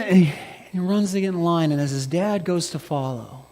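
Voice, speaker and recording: Animated male preacher in an echoey church. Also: high voice, normal speed. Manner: animated storytelling, swinging from loud emphasis to hushed. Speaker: pastor. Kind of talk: sermon.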